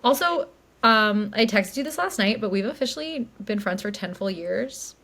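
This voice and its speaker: With a mid-range, expressive voice that's a bit bright, this woman talks at a normal speed. She's a late-twenties podcast co-host and self-described yapper, telling a rambling story in casual chat with plenty of likes and ums.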